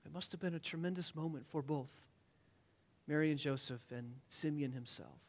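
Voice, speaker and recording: A male pastor preaching a sermon, dropping to near whispers and then building to loud, emphatic declarations, repeating phrases for emphasis. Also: a little high, normal speed.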